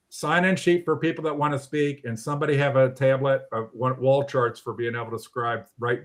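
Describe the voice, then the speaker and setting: A man hosting an online discussion over a video call, talking bluntly and animatedly with some mild swearing. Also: mid-range voice. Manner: blunt, animated, mildly profane. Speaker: host of a local politics livestream.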